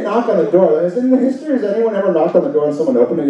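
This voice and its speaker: Animated man doing stand-up in a club. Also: racing, few pauses, very noisy. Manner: animated, shrieks in a high panicked voice for bits. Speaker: stand-up comedian. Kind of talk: stand-up comedy set. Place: comedy club stage. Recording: roomy, distant, dull club recording. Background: audience laughter.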